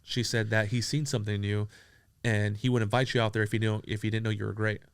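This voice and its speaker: A man from San Diego telling profane, animated stories as an interview guest, acting out the dialogue he quotes. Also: on the low side, fast talker, creaky, clear, resonant tone, no room sound, studio quality. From San Diego, USA. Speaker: entrepreneur guest. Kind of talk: casual storytelling interview.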